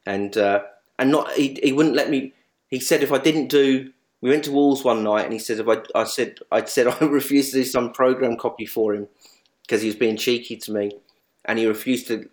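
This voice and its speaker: A man in speedway journalism, sharing memories of a late colleague in a halting, repetitive way, often restarting sentences. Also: mid-range voice, steady tone, darkish tone. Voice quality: halting, many restarts and repeats. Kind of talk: emotional tribute reminiscence.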